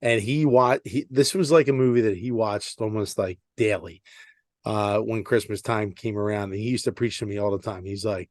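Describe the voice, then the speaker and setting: A man's voice: on the low side, steady tone, moderate pace, no echo. Hesitant man, dry sound. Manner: hesitant, many fillers and restarts. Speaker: podcast co-host. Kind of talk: casual chat.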